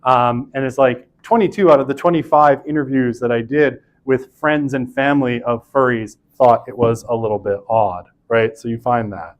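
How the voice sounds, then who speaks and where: A man's voice: medium pitch, fairly even intonation, moderate pace, few pauses. A man giving a recorded university lecture in a casual, chatty way. He keeps checking in with "right?" and breaks off for asides and restarts. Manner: self-interrupting, with asides and restarts.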